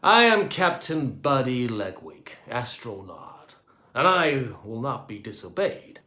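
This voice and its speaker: A man's voice: medium pitch, big pitch swings, slow, bright, forceful tone, heavily acted. A swaggering, bossy astronaut captain with an American accent, put on by a man reading a storybook. He squawks orders and drips sarcasm, his voice leaping up and down. The room has a noticeable echo. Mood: commanding. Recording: echoey room.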